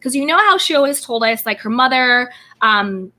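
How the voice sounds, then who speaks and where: Bright high-voiced bubbly woman host. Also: expressive, normal speed. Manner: bubbly, greets viewers by name. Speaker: YouTube host. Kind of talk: live-stream reality TV chat. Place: California home.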